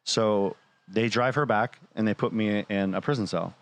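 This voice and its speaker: A man's voice: fairly low pitch, moderate pace. A man telling a long personal story in casual talk, acting out what others said to him. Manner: animated, quotes others in dialogue. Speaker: show guest or panelist.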